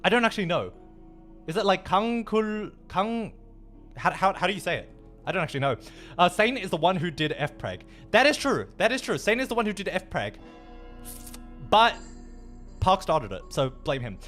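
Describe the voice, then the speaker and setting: A man with a high, very lively voice chats casually with his stream audience, swinging his pitch up and down as he goes. He swears freely and tosses in Japanese phrases. Faint music plays behind him. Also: moderate pace, pauses often. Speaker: livestreamer. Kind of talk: casual livestream chat.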